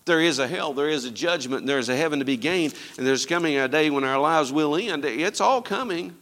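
A man preaching a sermon as pastor, his voice sitting a bit high for a man. He swings from loud, emphatic lines down to quiet, low asides. Long reverb hangs behind him, as in a church hall. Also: animated, a little fast. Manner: preaching with sweeping rises and drops in pitch and loudness.

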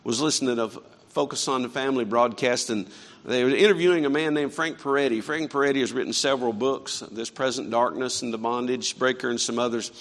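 A man preaching a sermon in a church, swinging between quiet earnest stretches and fervent raised passages. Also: medium pitch, steady tone, brisk, big-room sound. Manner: impassioned preaching with rising and falling intensity. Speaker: pastor. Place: church sanctuary.

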